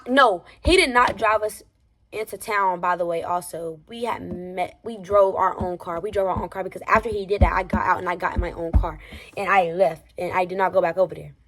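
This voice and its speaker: A young woman telling a personal story on her vlog, in a casual, slangy, animated way, swinging between loud exclamations and hushed asides. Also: mid-range voice.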